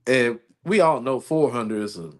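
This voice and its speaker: Man, podcast co-host, casual rambling delivery, mid pitch. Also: expressive, unhurried. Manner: rambling, repeats phrases, laughs often. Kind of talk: casual chat.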